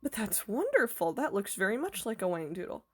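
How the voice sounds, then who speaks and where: A woman reading aloud voices a kindly, eccentric old male professor who explains things gently and patiently. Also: mid-range voice, sing-song, a little fast, breathy edge. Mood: warm, explaining.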